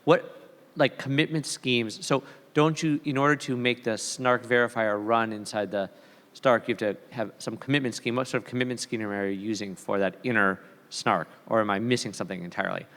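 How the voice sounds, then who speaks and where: A man's voice: medium pitch, steady tone, a little fast, a bit bright. A man in the audience asking a probing technical question, thinking aloud as he goes. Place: conference hall. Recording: long hall reverb.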